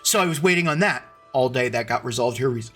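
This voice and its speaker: A man's voice: medium pitch, fast talker, a bit bright, soft background music. A man hosting a casual live stream, rambling and restarting his sentences as he greets viewers by name. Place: at home computer.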